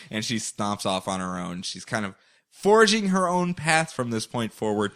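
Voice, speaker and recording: Animated man recapping comics. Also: on the low side, normal speed. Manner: animated, jokey storytelling with frequent laughs. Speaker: podcast host.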